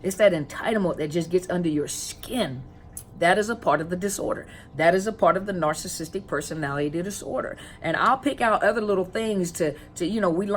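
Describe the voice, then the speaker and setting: A woman with a lowish voice talks casually to her viewers as a counselor, explaining her topic in a loose, conversational way. She keeps asking rhetorical questions, repeats phrases, and stalls on fillers while she hunts for a word. A faint hum of noise sits under the voice. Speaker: counselor and coach on narcissistic abuse. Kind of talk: casual educational talk to viewers.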